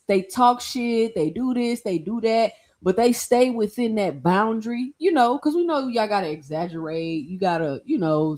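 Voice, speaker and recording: A woman hosting a casual boxing livestream, talking in an opinionated, animated way and speaking straight to her chat. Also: medium pitch. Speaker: livestream boxing talk host.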